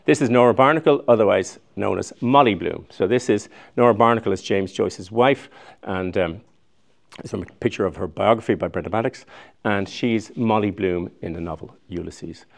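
A man's voice: on the low side, moderate pace, creaky. A man in his sixties giving a chatty, digressive public lecture, often restarting his sentences. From Ireland. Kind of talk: recorded public lecture with slides.

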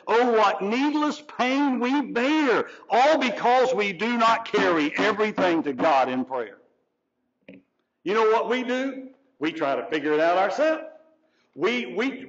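A man preaching a sermon as pastor, swinging between loud, drawn-out phrases and hushed, quiet lines. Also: high voice, dull audio. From Georgia, US.

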